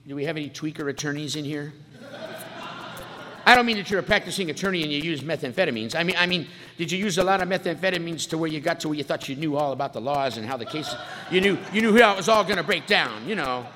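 A fairly high, sharp-toned male voice belongs to a San Fernando Valley, California man telling his life story at a recovery meeting. He keeps it comedic with wisecracks and acted-out voices for the people he quotes; the setting is a reverberant hall with faint background noise.

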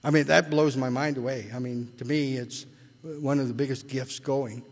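A man's voice: medium pitch, fairly even intonation, moderate pace. Older man telling his recovery story in a hall. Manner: rambling storyteller, repeats and restarts, rises when retelling. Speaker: AA speaker sharing his story. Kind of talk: recovery meeting talk. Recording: long hall reverb.

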